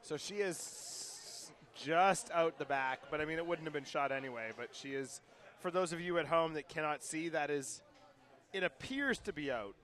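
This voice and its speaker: A man's voice: fairly high pitch, normal speed, fairly bright tone. A man giving casual, joking live commentary on a curling match. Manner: joking, chatty, laughs often. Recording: crowd chatter in a busy club.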